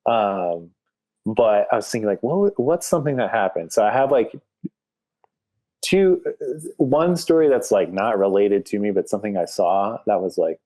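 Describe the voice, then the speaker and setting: A man's voice: on the low side, lively intonation, moderate pace, dark tone. A man telling a story as a podcast guest, rambling casually with lots of filler words. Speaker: podcast guest, graphic artist.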